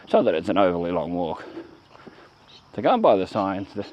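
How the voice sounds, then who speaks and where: A man's voice: deep voice, wildly swooping pitch, a little fast, muffled recording, a little hiss or hum. An Australian man vlogging on a roadside walk, chatting off the cuff in a meandering way and trailing off mid-sentence, filmed on a camera he carries. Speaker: walking-tour vlogger. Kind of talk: rambling walk-and-talk commentary. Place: outdoors on a rural roadside.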